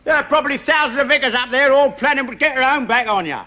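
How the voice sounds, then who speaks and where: An actor playing a boastful, nosy busybody in a TV sketch comedy. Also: male voice, extremely high pitch, fast talker, pushed and bright. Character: cocky working-class male busybody, self-praising.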